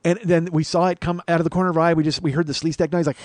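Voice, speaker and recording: A male comedian hosts his podcast with a profane, ranting storytelling style. He talks quickly in a slightly high voice. The sound is dry and close. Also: level tone, a little mellow, no room sound. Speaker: podcast host.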